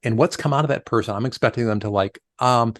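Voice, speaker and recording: On a dry recording, a middle-aged leadership coach speaks fast in a mid-range voice during a conversational podcast interview. He talks it through as an animated storyteller, acting out quoted voices from his stories.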